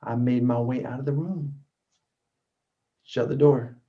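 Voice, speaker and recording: A man telling a personal story as a motivational talk, earnest, swinging from loud bursts to hushed lines. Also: mid-range voice, fairly even intonation, a little slow. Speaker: motivational speaker. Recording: dull lo-fi recording.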